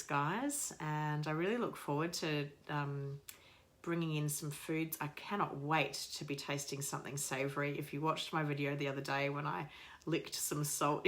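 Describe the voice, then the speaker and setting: A woman's voice: deep voice, a bit bright. A woman in her thirties from Australia, chatting upbeat to viewers in a casual video diary. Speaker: vlogger.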